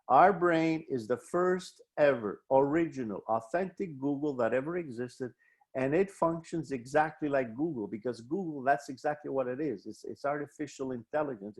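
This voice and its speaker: Guiding listeners through slow breathing exercises, a medium-pitched man hosts a wellbeing webinar. He lays out coping strategies with animation and plays both parts in imagined dialogues.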